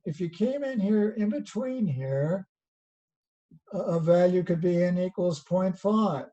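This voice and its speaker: A man's voice: high-pitched, expressive, measured pace, mellow, muffled recording. A man with a Southern US accent teaching a college lecture over a video call, chatty and folksy, asking rhetorical questions as he explains. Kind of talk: online lecture.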